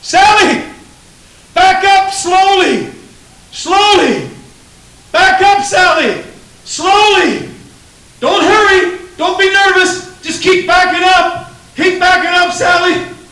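A preacher playing a frantic shouting father. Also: unhurried, close to an everyday voice. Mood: alarmed shouting. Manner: shouting high and urgent. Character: frantic father shouting warnings to his little girl. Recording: echoey hall from far off, faint hiss.

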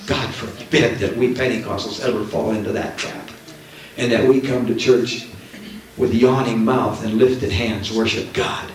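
A man's voice: medium pitch, steady tone, a little slow. A man preaching a Pentecostal sermon from the platform to his congregation, fervent and full of emphatic repetition. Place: church. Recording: very echoey church hall, mic at a distance, faint noise.

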